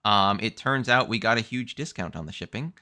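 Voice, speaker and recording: A man hosting a casual livestream chat, animated, repeating himself and laughing often. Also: fairly low pitch, fairly quick. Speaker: host.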